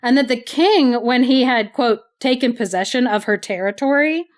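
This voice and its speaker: A woman's voice: a little high, normal speed. Chatty woman retelling a fairy tale. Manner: chatty, laughs often, heavy use of "like". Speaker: podcast co-host. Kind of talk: casual storytelling chat.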